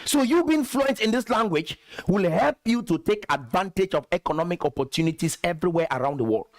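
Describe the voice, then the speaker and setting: A man's voice: high-pitched, expressive, fairly quick, dry recording. A man from Cameroon hosting a commentary video, lecturing emphatically and repeating his points. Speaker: host.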